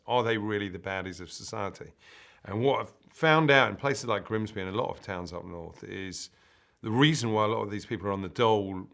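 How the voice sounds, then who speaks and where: Actor, lowish voice, easygoing interview chat with fillers. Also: male voice. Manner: relaxed, conversational, uses "you know" fillers. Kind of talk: press junket interview.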